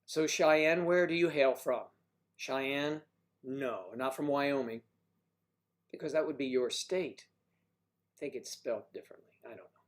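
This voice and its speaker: A man's voice: mid-range voice, measured pace, pauses often. Playful man hosting a casual livestream. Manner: playful, jokey, riffing on viewers' names and places. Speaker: livestream host. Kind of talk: casual chat reading viewer comments.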